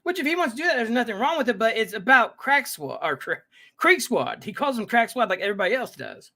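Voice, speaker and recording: A man runs a casual live reaction stream, greeting viewers by name and rambling while he keeps interrupting himself. His very high voice is sing-song, quick, pushed, and bright.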